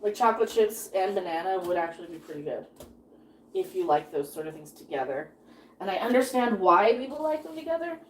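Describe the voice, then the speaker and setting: A woman's voice: medium pitch, lively intonation, a little fast, slight background noise. A woman in her thirties chatting casually while cooking on a live stream, rambling and laughing often as she reads chat.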